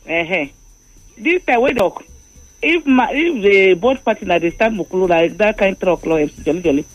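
A woman's voice: mid-range voice, expressive, normal speed, no room sound, rough recording. Nigerian woman caller, insistent questions, dry close sound. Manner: insistent, presses for an answer. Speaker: radio caller. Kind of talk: phone-in chat.

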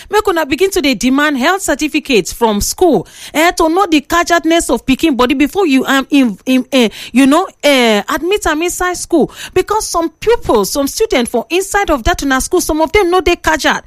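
A woman radio presenter speaking with a Nigerian Pidgin accent, lecturing listeners and bantering with callers in a lively, preachy way. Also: high-pitched, a little fast, no echo, clean studio sound. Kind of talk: call-in radio talk.

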